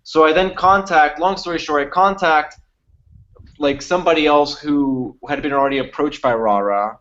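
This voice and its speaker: Animated young man telling a story. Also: fairly high pitch, moderate pace, highs cut off. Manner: animated storytelling, acts out quotes, swears freely. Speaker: podcast co-host. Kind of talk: casual chat.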